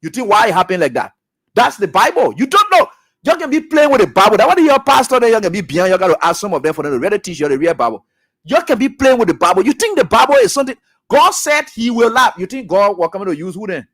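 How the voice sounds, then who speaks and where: A high-voiced man with a Liberian English accent holds forth on a talk radio show like a preacher. He repeats his points with force, rising to loud shouts and dropping to low mutters. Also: sing-song, fast. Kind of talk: preaching commentary.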